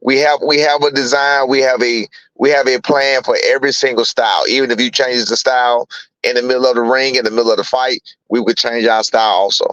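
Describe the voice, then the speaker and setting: A middle-aged boxing trainer speaks bluntly in a casual interview, circling back to his points and cursing freely. His voice is forceful and bright. The sound is dry, close and slightly muffled. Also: medium pitch, fairly even intonation, a little fast, clear, resonant tone, no echo. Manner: blunt, repetitive, swears freely.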